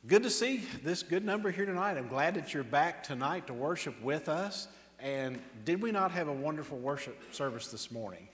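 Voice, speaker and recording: A man preaching as pastor at an evening church service, in an earnest, warm manner, reading scripture aloud and praying softly. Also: fairly high pitch, lively intonation, moderate pace. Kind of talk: sermon. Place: church sanctuary. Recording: reverberant church hall.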